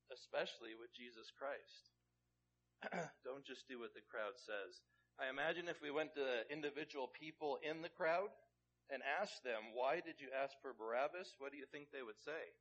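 A man's voice: medium pitch, fairly bright tone, slightly rough, lo-fi sound. A man preaching a sermon in a plain, conversational way, asking his listeners questions. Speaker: pastor.

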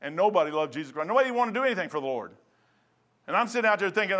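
A man's voice: on the high side, animated, racing, sharp tone. A middle-aged man preaching a folksy, conversational sermon full of asides as a pastor.

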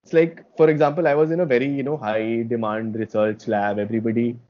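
A young man from India co-hosting a podcast, telling his stories in a relaxed, reflective casual chat. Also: medium pitch, fast. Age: young adult. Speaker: podcast co-host. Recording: dull lo-fi sound.

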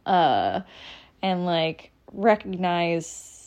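A young adult woman hosts a solo podcast, rambling candidly with frequent ums and restarts in a casual monologue. Her voice sits on the low side with a darkish tone, and she speaks in a sing-song way, drawing out her words.

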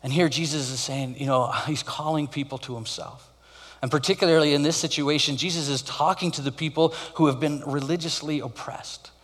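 A male pastor giving a conversational sermon with animated storytelling. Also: fairly high pitch, brisk, in a large hall.

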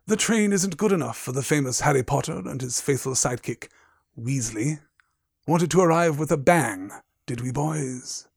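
A man's voice: medium pitch, expressive, gravelly, slightly rough, no room sound, studio quality. A man reading as a cold sneering schoolmaster. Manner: soft, slow, menacing delivery.

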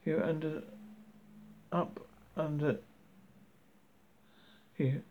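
A man voicing a patient, level-headed young woman in a story reading, coaxing gently. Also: fairly high pitch, fairly even intonation, extremely slow, a little hiss or hum. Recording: dull lo-fi recording.

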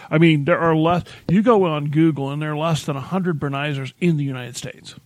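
Chatty man with a slightly high voice. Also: a little fast, slight background noise. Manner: chatty, rambling anecdotes. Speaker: podcast co-host. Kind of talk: casual chat.

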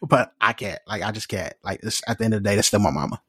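A man co-hosting a podcast in casual chat, telling animated stories and laughing often. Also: fairly low pitch, quick pace, breathy edge, dry recording, clean studio sound. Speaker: podcast co-host.

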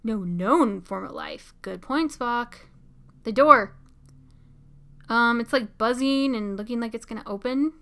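Giggly young woman, bright clear voice. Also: a little high, a little slow. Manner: chatty, giggly, excitable, many "like" fillers. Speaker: show reaction commentator. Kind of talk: casual live reaction commentary.

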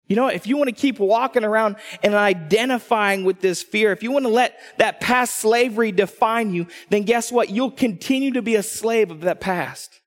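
Texas-raised male pastor, high voice, lively storyteller, reverberant sanctuary. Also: normal speed, few pauses. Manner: animated storytelling, acting out quotes. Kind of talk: sermon. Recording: long hall reverb.

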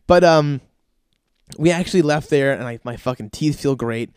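A male podcast host telling a story in a rambling, profane, exasperated way. His voice sits somewhat high for a man. The recording is close and dry. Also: moderate pace, pauses often, a little mellow, clear, resonant tone, no echo. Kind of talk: casual comedic storytelling monologue.

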